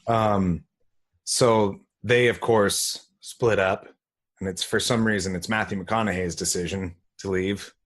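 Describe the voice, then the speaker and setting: A man's voice: sits low, steady tone, measured pace, fairly bright tone. A man co-hosting a podcast, recapping a movie in casual chat, laid-back, swearing and laughing often. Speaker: podcast co-host.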